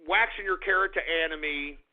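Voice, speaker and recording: A man hosting a radio show, ranting in a combative, repetitive way. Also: on the high side. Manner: combative, repetitive, talks fast and heated. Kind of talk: call-in radio rant. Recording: tinny phone-like radio audio.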